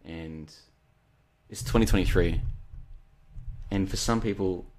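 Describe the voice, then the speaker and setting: A man in a rambling, casual solo talk, drifting from one story to the next. His voice sits fairly low. He reads out listener comments and answers them in a chatty way. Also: takes it slowly, darkish tone. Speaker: podcast host.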